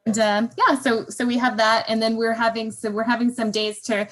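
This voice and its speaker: A woman's voice: a little high, little pitch movement, brisk, poor audio. A woman speaking as a museum staff guest in a casual interview, chatty, with lots of ums.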